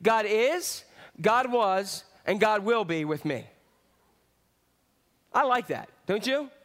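A pastor preaching with a fairly high, animated voice. He calls out to the congregation, then drops to quiet, reflective moments as he talks through scripture. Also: slow. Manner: lively preaching with swings from loud to hushed. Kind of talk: sermon.

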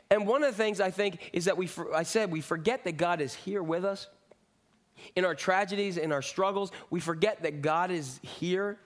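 A middle-aged man delivers a sermon, talking to his congregation in a loose, conversational way. His voice sits a little high for a man, and he drifts into jokes and side stories before coming back to his point. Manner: conversational, rambling with asides and jokes. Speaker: pastor.

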